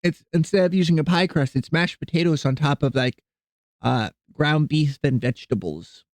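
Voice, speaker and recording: A man's voice: fairly high pitch, normal speed, no echo. A man streaming live, rambling casually to his viewers about cooking, with frequent fillers and restarts. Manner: rambling, easygoing, chatting with viewers while cooking; softens and coos when talking to his cats.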